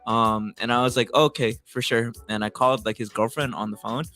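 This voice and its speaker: A man's voice: lowish voice, fairly even intonation, brisk, sharp tone, soft background music. A young man hosting a casual podcast, telling stories loosely with many fillers and laughs. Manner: laughs often, rambling storyteller with many fillers. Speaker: podcast host.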